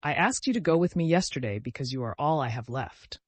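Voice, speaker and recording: A man's voice: fairly high pitch, expressive, fairly quick, slightly rough, dry recording. A man performing a tormented young murderer pouring out a confession, his voice lifting and falling sharply as he pleads and despairs. The sound is close and dry, with no room around it. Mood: anguished. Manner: anguished, pleading.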